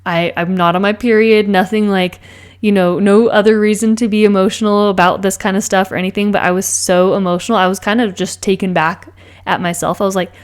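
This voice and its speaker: A young woman narrates her vlog in a chatty, gushing way, full of "like" and "um". Her pitch sits in the middle of the range for a woman. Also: steady tone, fairly quick, smooth. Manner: chatty, gushing, many fillers. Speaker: planner vlogger. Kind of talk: casual vlog voice-over.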